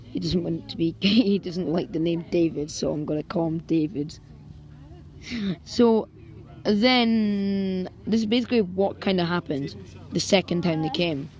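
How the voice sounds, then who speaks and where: A woman's voice: fairly low pitch, a little slow, a little mellow, lo-fi sound. A young Scottish vlogger telling comic stories and switching into exaggerated character voices. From Scotland. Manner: jumps between narration and exaggerated character voices. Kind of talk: comedic storytelling with acted skits.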